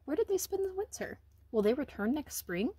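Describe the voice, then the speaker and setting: A woman's voice: a little fast, dry recording. Woman doing an eager young French boy. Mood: wondering. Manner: high, breathless excitement.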